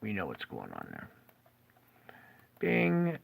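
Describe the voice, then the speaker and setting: Man, host, gravelly voice, middle pitch, tired, rambling casual commentary. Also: unhurried, a bit bright. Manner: rambling, jokey and self-interrupting. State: tired, yawning. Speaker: show host. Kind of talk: casual commentary over maps.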